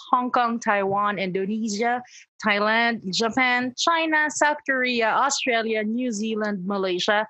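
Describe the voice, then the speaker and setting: A woman's voice: fairly high pitch, bright, forceful tone, dry recording, dull audio. A young woman hosting a podcast in casual chat, bubbly and enthusiastic. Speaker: podcast host.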